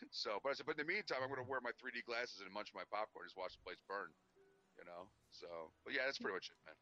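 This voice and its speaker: A man's voice: on the low side, animated, quick pace, bright, forceful tone. A man who drives trucks, telling long rambling stories in casual podcast chat and cursing freely. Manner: profane, rambling storyteller. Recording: dull lo-fi podcast audio.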